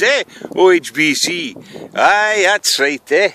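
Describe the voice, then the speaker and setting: A man's voice: a little high, expressive, takes it slowly, bright, forceful tone, rough recording. A Scottish man presenting a comic mock news bulletin outdoors, rambling and chummy, tagging "eh?" onto his lines. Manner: rambling, chummy, keeps adding "eh?". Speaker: spoof newsreader. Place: outdoors in strong wind. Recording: windy outdoor recording with noise.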